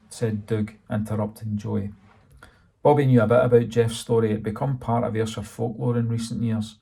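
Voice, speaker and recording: A man reading his own novel aloud in a dry, steady storytelling manner. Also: lowish voice, moderate pace, vocal fry, slightly rough. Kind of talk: audiobook narration.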